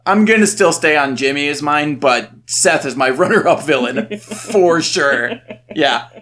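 Animated, bright-voiced man co-hosting a podcast. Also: fairly high pitch. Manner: animated, swearing, quick to laugh. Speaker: podcast co-host. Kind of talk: casual chat. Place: home recording setup.

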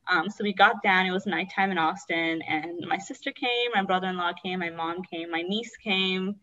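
A woman's voice: lowish voice, normal speed, pushed and bright, far from the mic, highs cut off. A woman candidly recounting a painful personal story in a rambling, emotional way. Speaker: guest sharing her story.

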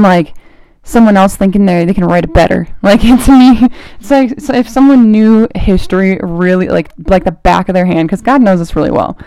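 Chatty young woman, warm dry voice. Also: mid-range voice, clear, resonant tone, no room sound. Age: young adult, college student. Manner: chatty and animated, full of "like" fillers, quick laughs. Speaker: podcast host. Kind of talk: casual faith talk.

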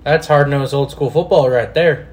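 A man's voice: on the high side, normal speed, a little mellow. A man co-hosting a casual sports podcast, trash-talking with plenty of swearing. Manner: crude trash talk with swearing. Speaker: podcast co-host.

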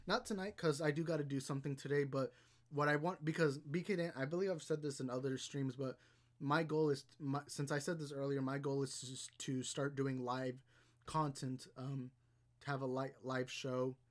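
A man's voice: mid-range voice, steady tone, normal speed. A young man casually chatting on a livestream, rambling and reading viewer comments aloud. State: out of breath. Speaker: livestream host.

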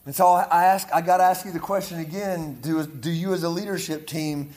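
Brisk and on the high side, a Pittsburgh-accented male guest preacher from the Pittsburgh area of Pennsylvania speaks to a leadership group. His energetic delivery repeats words, with frequent "right?" and "amen?" check-ins. The room echoes, and the audience responds.

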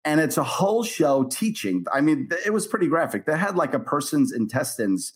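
A middle-aged man, a minister as interview guest, telling his story in an earnest, animated way and acting out the voices of people in it. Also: a little high, brisk, slightly rough.

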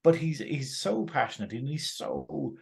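A man's voice: on the high side, lively intonation, unhurried, gravelly, a little mellow. A man from northern England co-hosting a casual TV review chat, enthusiastic, laughing often and acting out the characters' lines. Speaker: podcast co-host.

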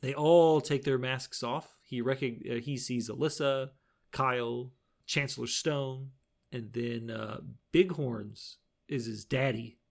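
A relaxed man with a gravelly edge to his voice talks through a show's episode in casual chat. He laughs easily and slips into quoting the characters along the way. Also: medium pitch, slow pace. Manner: laid-back, laughs often, retells scenes with quoted lines. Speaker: podcast co-host recapping an episode.

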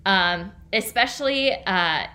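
A woman co-hosts a casual conversation, speaking thoughtfully and hesitantly. She talks slowly, with a bright, clear tone. She often pauses to gather her words. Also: mid-range voice, expressive.

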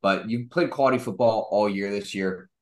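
A young man co-hosting a casual sports podcast, mocking and animated, acting out quotes as he rants. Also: lowish voice, normal speed. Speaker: podcast co-host.

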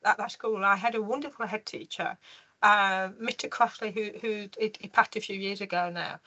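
Over poor audio, a medium-pitched British woman, interviewed as a guest, relates her life story in a lively manner, with frequent fillers and restarts.

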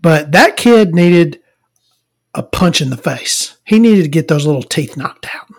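A woman telling a profane, rambling story in an exasperated rant. She swears heavily and swings between loud outbursts and low mutters. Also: animated, measured pace, husky.

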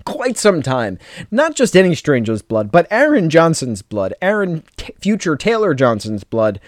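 A man's voice: on the high side, huge pitch swings, dry recording, studio quality. A young adult American man telling a rambling personal story in a casual podcast, full of fillers and jokey asides. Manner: chatty, lots of fillers, quick jokey asides. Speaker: podcast host.

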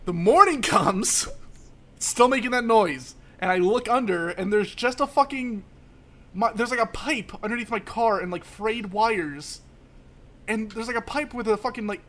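Young man, high bright voice, casual podcast co-host, profane rambling stories. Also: normal speed. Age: young adult.

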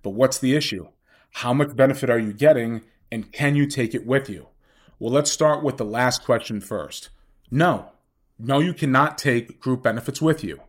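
A man's voice: medium pitch, moderate pace. A man hosting his own podcast talks in a mid-range voice. He explains money matters step by step, like a financial planner, and keeps asking his listeners questions. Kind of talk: solo podcast monologue.

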